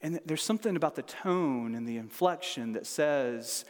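A man's voice: on the high side, animated, normal speed, darkish tone. A man in his forties, a pastor giving an earnest sermon that builds to fervent emphasis through repeated rhetorical questions. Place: large church room with long reverb. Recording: long echoey hall reverb.

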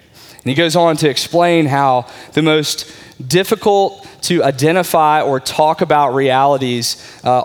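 A man giving a conversational sermon as a pastor, often checking in with his listeners. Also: mid-range voice. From Texas.

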